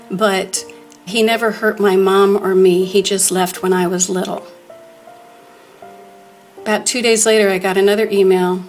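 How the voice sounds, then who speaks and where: An earnest woman tells a grave personal story at an ordinary middle pitch. Her voice goes soft and nearly whispered at times. A faint trace of music sits underneath. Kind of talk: personal storytelling before an audience.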